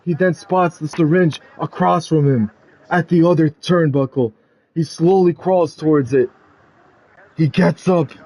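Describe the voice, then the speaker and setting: A man narrates a wrestling video game storyline in a dramatic play-by-play style. His voice sits a little high, and he pushes it toward loud, excited peaks at the big moments. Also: unhurried. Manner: excitable, builds to loud climaxes.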